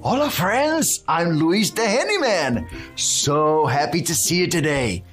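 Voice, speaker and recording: A man's voice: on the high side, expressive, a little slow, a bit bright, soft background music. A man playing a cheerful, friendly handyman who leads a scripted children's Bible lesson in a bouncy, exclamatory way and sprinkles in Spanish words. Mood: upbeat. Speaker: children's church presenter.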